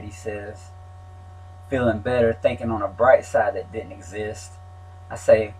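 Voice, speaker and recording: A man's voice: lowish voice, little pitch movement, normal speed, darkish tone, slightly rough, rough recording. A man reading his own story aloud in a plain, wry telling. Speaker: memoir narrator.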